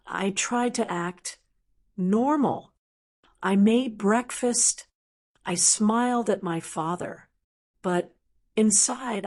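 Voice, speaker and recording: A woman reads a first-person story aloud in short, simple sentences. Her voice is mid-pitched and her pace is unhurried. Each word is clearly enunciated, as in scripted narration for English learners. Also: darkish tone.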